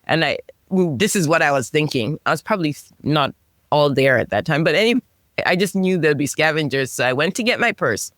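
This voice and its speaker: A woman guest on a podcast interview, telling a personal story in an animated way, with many restarts and self-corrections. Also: fairly quick, no room sound, studio quality. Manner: animated storytelling, pitch jumps on emphasis.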